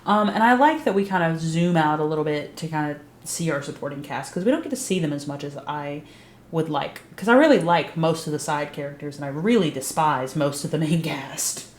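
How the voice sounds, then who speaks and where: A young adult woman with a low, expressive voice recaps a TV series a little fast, her talk casual, blunt and emphatic, with free swearing. The recording has a roomy echo.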